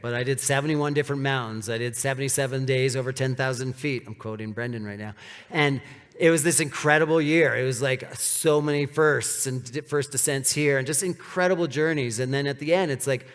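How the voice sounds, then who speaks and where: Casual man talking in a reverberant hall. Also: mid-range voice. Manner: casual and animated, with many "like" fillers. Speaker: speaker giving a live talk. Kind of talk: storytelling stage talk. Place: large hall with an audience.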